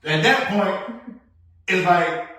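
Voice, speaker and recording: A man co-hosting a podcast, chatting casually and telling stories, jumping between loud bursts and low asides. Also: expressive, drawn-out words. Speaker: podcast co-host. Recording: echoey room, mic at a distance.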